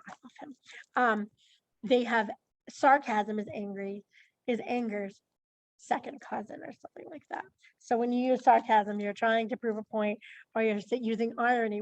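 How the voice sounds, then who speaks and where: High, gravelly teacher on a video call. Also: female voice, no echo. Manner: questioning, chatty, calls on students by name. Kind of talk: online class lesson. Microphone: computer mic on a video call.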